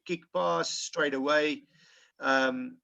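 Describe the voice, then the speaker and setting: A man's voice: on the high side, steady tone, creaky, pushed and bright. South African man, muffled call audio. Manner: halting, with restarts. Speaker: rugby coach. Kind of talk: webinar analysis.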